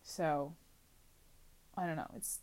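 A woman's voice: deep voice, fairly even intonation, slow pace, darkish tone. A woman in her twenties talking anxiously to camera in a casual confessional vlog, rambling and questioning herself from inside a small closet. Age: 20s. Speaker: vlogger.

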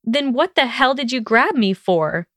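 A woman voicing a quick-tempered young female witch, speaking higher and slower in an indignant way. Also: expressive, no echo, studio quality. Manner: huffy, indignant delivery.

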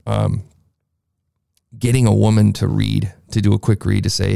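Gravelly-voiced man giving a rambling podcast review. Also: fairly low pitch, level tone, normal speed, pauses often, dark tone, no echo, clean studio sound. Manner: rambling, enthusiastic, talks in circles. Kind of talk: casual review commentary. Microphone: processed studio mic, beefy sound.

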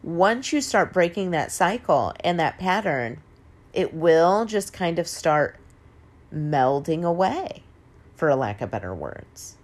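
A woman in her forties speaks slowly and with a lively, swinging pitch, her voice sitting a little low. She gives a motivational talk in an emphatic, casual way, with a curse word here and there. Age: 40s. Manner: emphatic, animated, casual swearing and laughter. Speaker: host. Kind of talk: motivational monologue.

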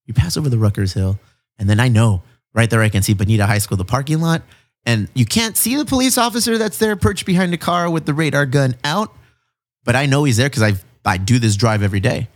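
A man, hosting a casual chat in a mid-range voice. He tells stories with animated, profane energy and throws in plenty of slang. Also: medium pitch, brisk. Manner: animated, profane storytelling with lots of "bro" and "dude". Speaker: podcast host.

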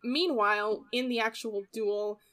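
Young woman, podcast co-host, bright clear voice, chatty, lots of fillers. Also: on the high side, unhurried. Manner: chatty, many "like" fillers, giggly. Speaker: podcast co-host recapping an anime episode. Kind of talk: casual chat.

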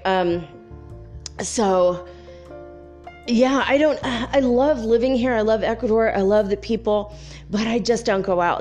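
A woman's voice: mid-range voice, a little mellow, highs cut off. A woman from California hosting a podcast, rambling casually with many fillers. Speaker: podcast host. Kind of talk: casual spiritual podcast monologue.

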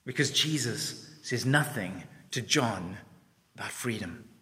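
A man's voice: fairly low pitch, slow. A man preaching a sermon, telling the story expressively and asking reflective questions. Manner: expressive storytelling, acts out voices. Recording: long reverb in a large hall.

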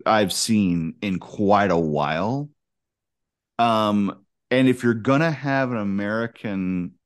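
A man co-hosting a podcast, casually and frankly giving his opinions about a film. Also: fairly low pitch. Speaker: podcast co-host.

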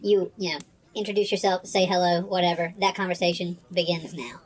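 A woman's voice: lowish voice, fairly even intonation, brisk, husky, low-quality recording. A woman narrating as game master in a casual, chatty, laughing way.

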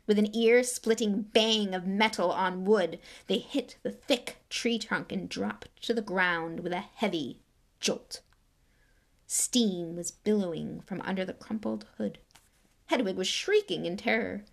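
A woman's voice: mid-range voice, a little slow, vocal fry. Woman reading a story aloud dramatically. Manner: dramatic, drops to whispers at tense moments. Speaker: narrator. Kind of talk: audiobook reading.

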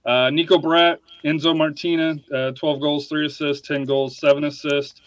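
Guy running through soccer stats, kinda high voice, lots of uhs, dry sound. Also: little pitch movement, moderate pace, no echo. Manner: reads off stats with many fillers. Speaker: podcast host. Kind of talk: casual sports chat.

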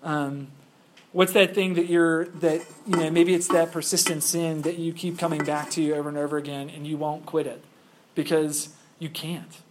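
A man's voice: on the high side, little pitch movement, moderate pace, background noise. A male pastor preaching a sermon in a conversational way, full of rhetorical questions.

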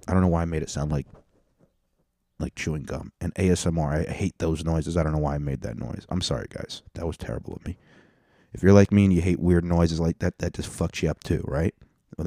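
A man with a very deep, mellow voice rambles through a profane solo rant, often stopping to correct himself. The sound is dry and close, with no room around it. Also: no echo. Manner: profane, rambling, self-interrupting. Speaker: stand-up comedian and podcast host.

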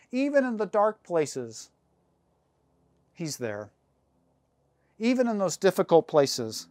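A man preaching a sermon as pastor, earnest and measured, slowing down and pausing to stress key phrases. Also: a little high, a little mellow, no echo.

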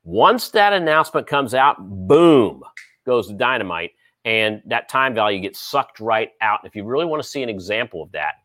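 A man's voice: medium pitch, sing-song, normal speed, fairly bright tone, no echo. A man hosting a casual trading show, talking through stocks in a rambling way with many fillers and sports analogies. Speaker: host. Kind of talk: casual market commentary.

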